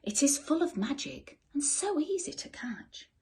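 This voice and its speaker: A quick-witted, cheerful little boy speaks in a bright, lifted voice that bounces around playfully, put on by a woman reading aloud. He is calm and knowingly tricky, and his pitch swings up high in a lively way.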